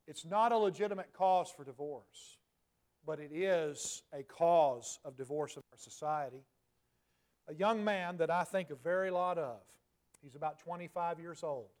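A man in his forties preaching a sermon in a conversational way, dropping to soft, emphatic asides. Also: fairly high pitch, unhurried. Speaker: pastor.

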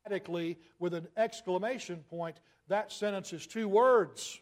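A man preaching a sermon, asking rhetorical questions and slowing down to stress key phrases. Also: high-pitched.

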